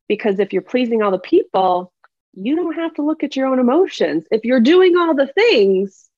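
A woman's voice: high-pitched, sing-song, normal speed, a little mellow, no echo, lo-fi sound. A woman guest on a podcast sharing her story in a heartfelt, emphatic way, laughing often. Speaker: podcast guest, empowerment coach.

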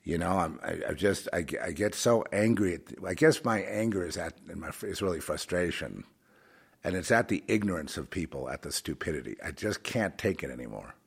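A man delivering a rambling religious monologue, swinging between fervent outbursts and quiet, halting asides full of restarts. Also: deep voice, expressive, creaky, husky. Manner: many restarts and fillers, conversational.

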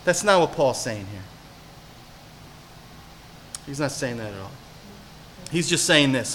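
A man from New Jersey preaching a sermon as pastor, telling animated stories and putting questions to the congregation. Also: mid-range voice, takes it slowly, long pauses, a little hiss or hum.

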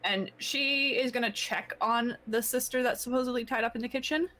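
A woman playing a tabletop game, describing her character's actions in a lively way. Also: on the high side, fairly quick, low-quality recording. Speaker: player.

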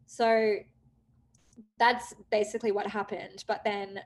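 A young woman candidly recounting a personal story, with many "like" fillers, acting out quoted dialogue with lively jumps in pitch. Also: takes it slowly, slight background noise. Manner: chatty, frequent "like" fillers. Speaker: guest telling her story.

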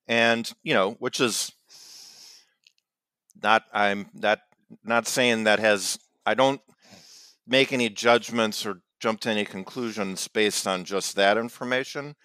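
A man with a low voice, co-hosting a podcast and chatting casually. He stumbles and restarts as he goes, and the recording is dry and close. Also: normal speed, sharp tone, smooth, dry recording. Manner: stumbling, self-interrupting. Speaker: podcast co-host. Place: lives in Virginia.

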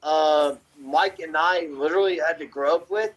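A man from Memphis, telling a story as a podcast guest in a rambling, animated way and swearing constantly. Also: a little high, normal speed, breathy edge, low-quality recording. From Memphis, Tennessee. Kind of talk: casual storytelling.

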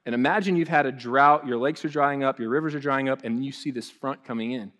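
A man's voice: mid-range voice, fairly quick, a bit bright. A man preaching a conversational sermon. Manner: conversational preaching with restarts and asides. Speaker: pastor.

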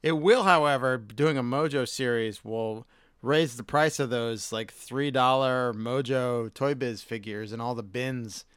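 A man's voice: mid-range voice, unhurried, fairly bright tone, smooth, dry recording, studio quality. A man co-hosting a casual podcast chat, swearing casually and losing his voice. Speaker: podcast co-host.

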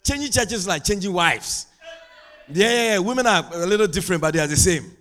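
High bright-voiced male preacher. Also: lively intonation, a little fast. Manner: conversational, builds to loud preaching with sing-song rises; asks the congregation for responses. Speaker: pastor. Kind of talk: sermon.

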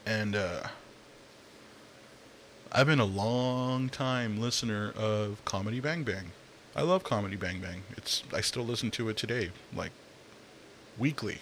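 Slow, low-voiced man ranting casually. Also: a bit bright, a little hiss or hum. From Latino, Spanish speaker. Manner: profane, ranting, frequent fillers and sighs. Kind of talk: casual rant monologue.

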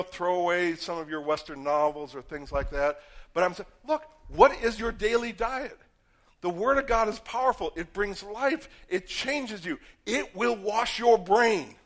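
A man preaching a sermon as a pastor, talking in an easy conversational way, telling stories and acting out quoted voices, swinging from loud emphatic points to quiet asides. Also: high voice.

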